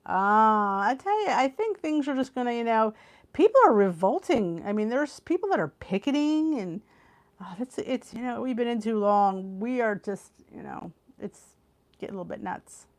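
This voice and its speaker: Philly lady on a live stream, bit high voice, chatty and laughing, answering comments. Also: expressive, moderate pace. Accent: Philadelphia. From Philadelphia area, US. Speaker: weight loss channel host. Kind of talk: live stream chat with viewers.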